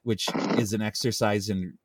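A man's voice: fairly low pitch, steady tone, moderate pace, crowd noise. A man co-hosting a podcast, telling a rambling, self-interrupting story in casual chat. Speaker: podcast co-host.

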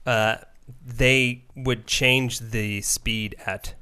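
A man's voice: mid-range voice, steady tone, drawn-out words, bright, forceful tone, clear, resonant tone. Man explaining with hesitations. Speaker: podcast co-host. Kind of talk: casual chat, explaining.

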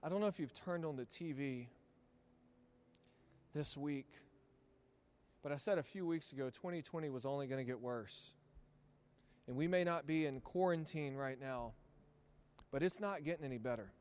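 Man preaching with rising fervor. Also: on the high side. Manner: dynamic preaching, swinging between hushed storytelling and loud emphatic peaks. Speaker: pastor. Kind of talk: sermon. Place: church sanctuary.

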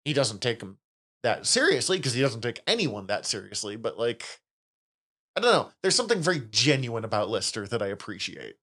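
A man co-hosting a casual podcast, animated and laughing often, with casual swearing. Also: medium pitch, fairly quick. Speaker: podcast co-host.

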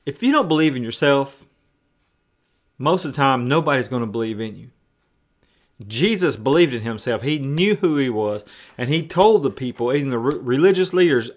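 A man delivers a sermon in a conversational, unpolished way. He often doubles back on words and restarts his sentences. His voice sits at an ordinary middle pitch. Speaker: preacher.

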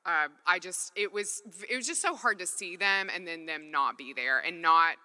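A woman speaking from a stage at a faith gathering, giving an earnest personal talk in a loose, conversational way. Her voice sits low but has a strongly bright, forceful edge. Long reverb from a big hall trails each phrase. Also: normal speed. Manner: earnest, conversational, with frequent "like" fillers.

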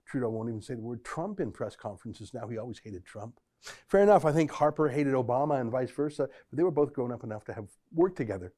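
A man's voice: medium pitch, expressive, fast talker, mellow. A man hosting a political commentary show, delivering sarcastic, mocking remarks between clips.

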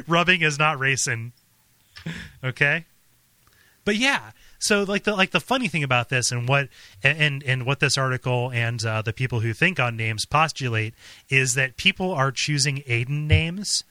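A man's voice: mid-range voice, lively intonation, a little slow, bright, forceful tone, no echo. A man co-hosting a podcast in casual chat, stammering and repeating his words and laughing often. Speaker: podcast co-host.

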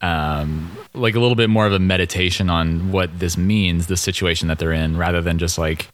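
A man's voice: deep voice, steady tone, moderate pace. A man co-hosting a podcast in casual chat, wry and teasing. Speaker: podcast co-host.

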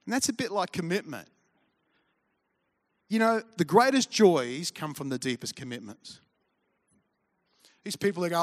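A pastor delivers a sermon in a fairly high-pitched male voice. He talks in a relaxed, conversational way, mixing humor and stories into his preaching. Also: normal speed, long pauses. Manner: conversational and humorous, with storytelling asides.

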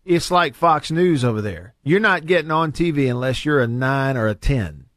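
A man hosting a radio show, ranting and bantering in a casual, animated way from the studio. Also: moderate pace, dry recording. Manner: animated, rants with big pitch jumps.

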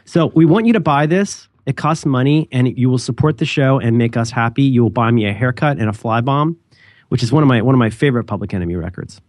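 Talking fast in a mid-range voice with a darkish tone, this podcast co-host is recorded dry and clean in a studio. His casual chat is rambling and full of jokes, and he keeps cutting himself off mid-thought.

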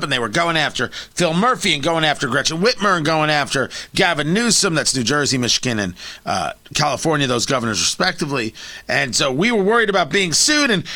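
A male talk radio host ranting through an opinionated monologue, full of sarcasm and mockery. His voice is bright and a little high, swinging widely up and down in pitch. The studio sound is dry and close. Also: dry recording. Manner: sarcastic, animated, mocking.

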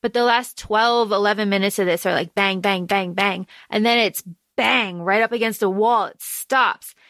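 A woman co-hosting a book podcast, telling stories in an animated, rambling way with restarts. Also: mid-range voice, normal speed, no echo. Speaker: podcast co-host. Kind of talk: casual chat.

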